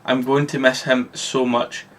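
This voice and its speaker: A man's voice: mid-range voice, level tone, unhurried, a bit bright, far from the mic, lightly acted. A man reading the lines of an earnest young cartoon gang leader in a plain read-aloud way. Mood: sad.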